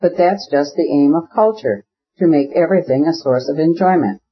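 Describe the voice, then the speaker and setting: A husky-voiced man reading an audiobook, voicing a jovial, teasing middle-aged nobleman in a raised, lively voice. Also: a little high, normal speed, highs cut off, voice pushed up, close to an everyday voice.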